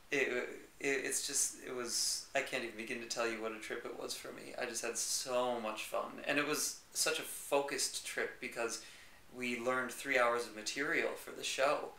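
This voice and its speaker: A man's voice: medium pitch, steady tone, moderate pace, sharp tone, a little hiss or hum. Upbeat young American man, echoey room. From United States. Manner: enthusiastic, rambling, laughs easily. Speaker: interview guest, jazz pianist. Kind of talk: casual interview chat.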